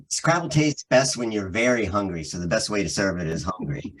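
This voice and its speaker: A man with a thick Philadelphia accent chats casually with his bandmates. His voice sits a little low, and he rambles, restarts and laughs as he explains. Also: normal speed, rough recording. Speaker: band member. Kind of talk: casual chat.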